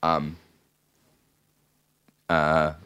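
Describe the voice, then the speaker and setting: A man with an Australian accent co-hosting a casual podcast chat, joking in a deadpan way. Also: extremely low pitch, extremely slow, clear, resonant tone. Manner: joking, deadpan, bursts into loud sing-song rapping. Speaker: podcast co-host.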